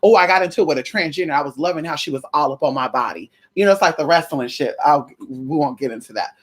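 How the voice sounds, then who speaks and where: A low, slightly breathy female voice rattles off a sassy, gossip-laden story to her vlog viewers, cursing without restraint. She talks fast and plays it up with dramatic, expressive delivery.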